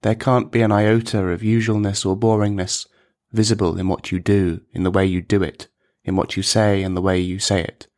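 A man narrating a dark comic story in a measured, deliberate, deadpan manner. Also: fairly low pitch.

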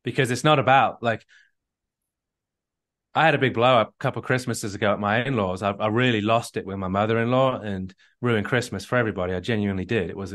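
A man's voice: on the low side, fairly bright tone. A man coaching on a live call, earnest and storytelling, with frequent restarts. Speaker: marriage coach.

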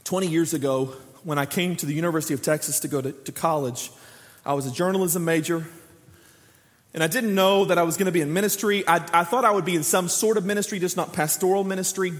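A high-voiced man around forty preaches a sermon with lively storytelling, acting out the voices in his stories. His voice carries a long reverb, as if recorded in a large church hall. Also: quick pace. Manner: lively storytelling preacher who acts out quoted dialogue. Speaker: pastor.

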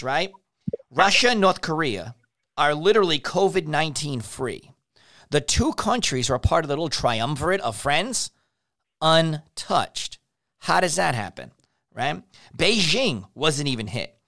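A man's voice: a little high, a little slow. A man hosting a podcast, spinning conspiracy theories in casual, profane talk. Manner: profane, animated conspiracy ranting. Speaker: podcast host.

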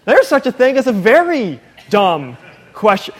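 Man, thirties, preacher, high voice, conversational sermon, long reverb. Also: wildly swooping pitch, unhurried. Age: 30s. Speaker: preacher and teacher.

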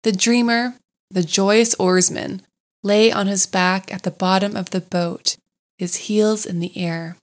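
Gentle woman reading a storybook. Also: medium pitch. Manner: gentle, unhurried, expressive. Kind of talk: scripted storybook narration.

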